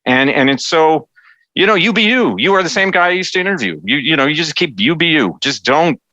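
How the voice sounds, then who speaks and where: A middle-aged Canadian man, a cabinet minister as guest, chatting casually in an animated way with frequent restarts. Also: a little high, a little fast, dry recording, muffled recording. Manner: animated, stumbling restarts, acts out quotes. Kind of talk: casual interview chat.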